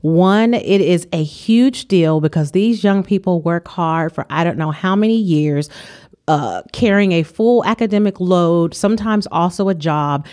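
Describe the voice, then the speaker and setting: A woman's voice: on the low side, measured pace, darkish tone. A woman principal chatting on a podcast, out of breath after running in, explaining her views confidently. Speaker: school principal, regular guest. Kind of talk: casual chat.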